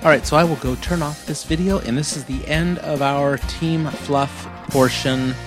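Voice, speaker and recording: A man co-hosting a podcast, chatting casually and joking, animated as he pitches to listeners. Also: normal speed, music in the background. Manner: jokey, animated, plugs with mock urgency. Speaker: podcast co-host.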